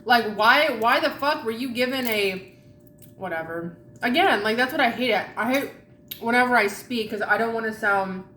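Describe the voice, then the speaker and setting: A woman's voice: a little high, normal speed, fairly bright tone, roomy sound, slight background noise. A woman vlogger chatting casually while eating, rambling and candid with a lot of swearing.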